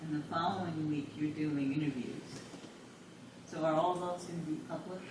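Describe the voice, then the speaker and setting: This speaker keeps asking practical questions about the meeting plans. The voice comes from away from the microphone in an echoey room, with clear hiss behind. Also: mid-range voice, steady tone, normal speed. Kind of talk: casual committee meeting talk. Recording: echoey room, distant mic.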